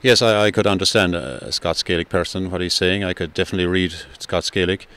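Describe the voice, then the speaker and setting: Deep-voiced man with a Kerry accent. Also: a bit bright, clear, resonant tone. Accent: Kerry Irish. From Ireland. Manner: explanatory, unhurried, with fillers. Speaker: walking tour guide. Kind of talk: radio travel interview.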